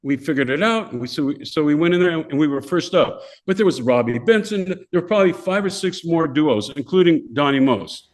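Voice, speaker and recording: Older male guest, animated anecdote teller who voices the characters, mid-high pitch. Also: fairly quick, hardly any pauses. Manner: animated, acts out voices of people in his stories. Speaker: podcast guest. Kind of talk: casual storytelling.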